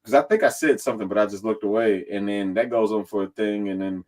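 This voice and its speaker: A reality competition contestant, speaking quickly in a lowish voice, recaps events as a guest on a podcast. He's animated and swears freely, acting out what other people said.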